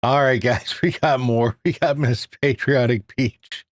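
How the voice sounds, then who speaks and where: A man's voice: medium pitch, steady tone, a little slow, dry recording, clean studio sound. A man hosting a live podcast stream, chatting casually and greeting viewers. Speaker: podcast host.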